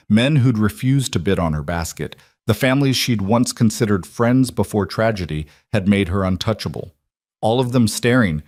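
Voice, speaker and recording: A male narrator reading a Western tale in a measured, dramatic manner. His voice sits low, and the recording is dry and close with no room sound. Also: darkish tone, dry recording. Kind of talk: scripted storybook narration.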